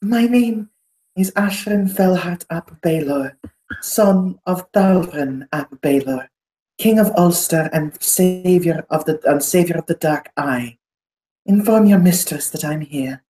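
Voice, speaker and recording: A woman's voice: lowish voice, expressive, a little slow, dark tone, voice pushed up. A woman voicing a haughty, smug male noble with a drawling, theatrical put-on accent. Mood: grandiose. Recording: echoey room.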